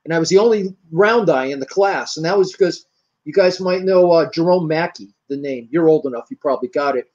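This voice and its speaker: An older man from the United States spins long, rambling anecdotes as an interview guest, slipping into the voices of the people he quotes. His voice sits high for a man, and the recording is muffled and lo-fi. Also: brisk, a little mellow. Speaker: martial arts grandmaster, interview guest. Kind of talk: storytelling in an interview.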